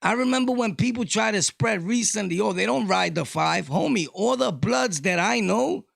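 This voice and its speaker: Loud gravelly New York man. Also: animated, normal speed, no room sound, clean studio sound. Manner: loud, shifting between shouting and low talk. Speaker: vlogger. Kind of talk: casual rant to camera.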